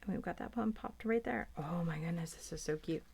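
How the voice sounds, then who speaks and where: A woman's voice: fairly low pitch, a little fast, creaky, darkish tone, slight background noise. A woman demonstrating a papercraft project, chatting as she works and thinking aloud, sometimes dropping to a near whisper. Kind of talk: chatty hands-on craft tutorial.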